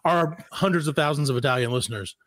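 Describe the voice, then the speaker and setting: A man's voice: on the high side, fast talker, a bit bright. A man hosting a comedy podcast, chatting loosely and joking, rambling with lots of fillers. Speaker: podcast host. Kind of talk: casual comedy chat.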